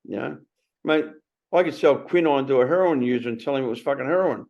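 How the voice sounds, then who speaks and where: An Australian man in his sixties hosting a casual conversation, blunt and animated, swearing freely. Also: mid-range voice, quick pace, creaky. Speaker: podcast host. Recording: slightly muffled recording.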